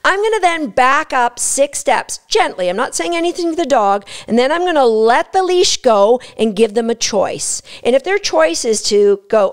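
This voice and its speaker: A woman explaining dog training step by step in an energetic, instructive way. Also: sits high, normal speed, few pauses, smooth. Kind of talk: instructional talk.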